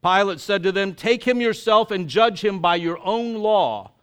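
A man's voice: high voice, animated, unhurried, fairly bright tone, clear, resonant tone. A man reading scripture aloud with dramatic emphasis, then preaching casually to a congregation. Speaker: pastor.

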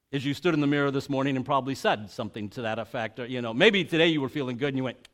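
A man preaching a sermon, reading scripture, then explaining it in a conversational, animated way with restarts and asides. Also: mid-range voice, rapid-fire, few pauses. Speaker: pastor.

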